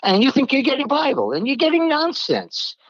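A man's voice: extremely high pitch, huge pitch swings, a little fast, a bit bright, no echo, lo-fi sound. A man from New York preaching a blunt, emphatic Bible-teaching sermon in a plain-spoken way.

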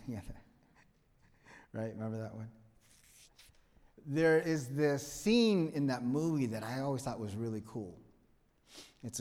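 A man preaching a sermon as pastor, talking in a conversational, joking way that swings from hushed asides to loud pleading. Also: medium pitch. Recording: reverberant hall.

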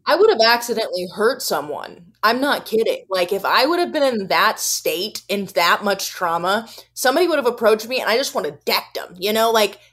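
Lively, blunt woman podcaster. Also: mid-range voice, brisk, few pauses. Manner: blunt and outspoken, laughs often. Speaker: podcast co-host. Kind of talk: casual chat.

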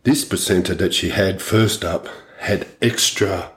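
This podcast co-host's voice sits low, and he's unhurried as he relates a story in casual conversation. The telling is blunt and animated, laced with heavy swearing.

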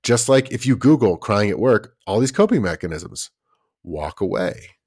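Lively low-voiced man chatting. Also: normal speed, husky. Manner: animated, acts out quotes in exaggerated voices; many fillers and restarts. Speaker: podcast co-host. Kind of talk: casual chat.

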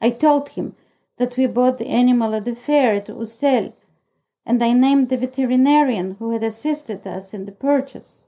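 Mellow-voiced woman reading a story. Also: on the high side, moderate pace, poor audio. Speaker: audiobook narrator. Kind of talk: scripted first-person narration.

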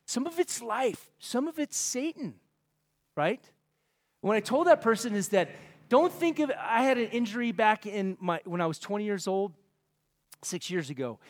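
Guy pastor with a high voice, chatty self-deprecating sermon, echo hanging in a big church hall. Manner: casual, rambling and self-deprecating. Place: church sanctuary.

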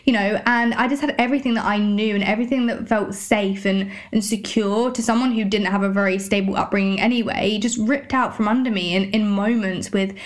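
A British woman hosting a solo podcast, talking candidly with lots of swearing and many "like" and "you know" fillers. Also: mid-range voice. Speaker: podcast host.

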